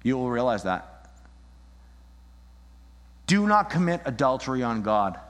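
Animated preacher in an echoing hall. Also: male voice, medium pitch, unhurried. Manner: animated, acts out scenes in different voices. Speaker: pastor. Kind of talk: sermon. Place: church. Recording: long reverb in a hall.

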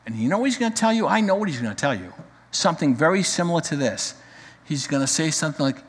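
Preacher in a ringing church hall. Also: male voice, mid-range voice, animated, fast talker, slightly rough. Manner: dramatic, swings from loud emphasis to quiet, rhetorical questions. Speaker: pastor. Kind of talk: sermon.

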